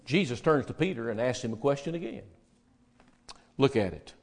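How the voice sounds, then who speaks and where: A man preaching a sermon, swinging between loud, emphatic address to the congregation and hushed, quiet retellings of dialogue. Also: medium pitch, expressive, moderate pace, vocal fry.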